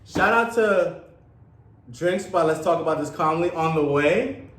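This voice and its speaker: A man co-hosting a podcast, loud and playful, teasing and swearing in casual chat. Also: a little high, measured pace. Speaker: podcast co-host. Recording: echoey room with faint noise.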